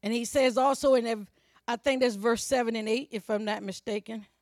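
A woman's voice: a little high, fairly even intonation, fairly quick, no echo, clean studio sound. A woman preacher delivering a sermon, fervent and colloquial, calling out exclamations and speaking straight to her congregation. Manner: fervent, calls out exclamations between points.

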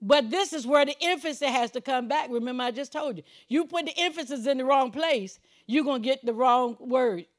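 High-voiced woman preaching a sermon. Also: brisk, hardly any pauses. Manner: emphatic preaching, swings between loud declarations and low asides; chuckles while preaching, conversational.

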